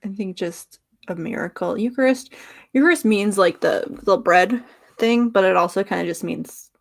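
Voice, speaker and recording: A woman's voice: mid-range voice, moderate pace, creaky. A woman co-hosting a casual podcast chat, laid-back and teasing. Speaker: podcast co-host.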